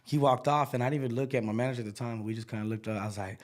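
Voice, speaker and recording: A man's voice: medium pitch, rapid-fire. Middle-aged male singer as interview guest; casual, slangy, acts out quotes.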